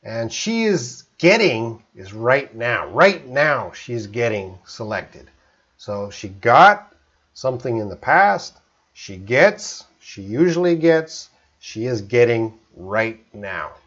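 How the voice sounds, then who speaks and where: A Canadian man teaching English in a live stream, relaxed, explaining slowly with simple examples. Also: mid-range voice, muffled recording.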